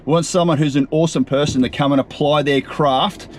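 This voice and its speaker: A man's voice: a little high, fairly even intonation, a little fast. A man with an Australian accent hosting a casual vlog, talking in a chatty, upbeat way with a lot of ums and uhs while he drives. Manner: chatty and upbeat, with frequent fillers. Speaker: property coach and show host. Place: in a vehicle on a drive. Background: faint road and traffic noise.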